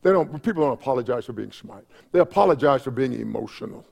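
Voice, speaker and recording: A man preaching a sermon in a church, swinging from emphatic shouts to hushed asides. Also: medium pitch, lively intonation, fast, vocal fry. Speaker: pastor.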